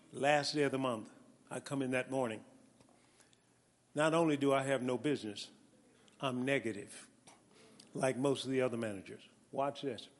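A male preacher giving an animated sermon with a personal testimony, calling out to his congregation and building to shouts. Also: medium pitch. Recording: long reverb of a large hall.

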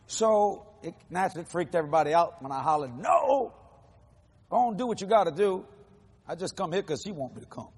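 A fast-talking preacher in his sixties, with a husky, rather high male voice, gives a testimony sermon in a large hall. His storytelling is animated, with the people in it acted out and quoted, all in folksy, casual grammar.

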